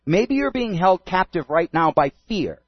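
A man's voice: high-pitched, very animated, unhurried, dry recording. A man preaching a sermon and telling a story in an earnest way. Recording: dull, dry lo-fi sound.

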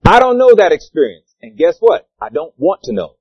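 Male pastor preaching a sermon, high and animated, shifts from loud to quiet, dry and slightly dull recording. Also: moderate pace, breathy edge, no room sound. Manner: preaching with rhetorical questions to the congregation; swings between loud declarations and quiet asides.

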